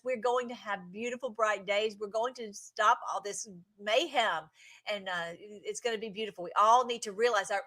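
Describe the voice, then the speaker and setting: A woman's voice: fairly high pitch, a bit bright. A woman hosting a casual livestream, commenting on clips in an effusive, emotional way with many restarts.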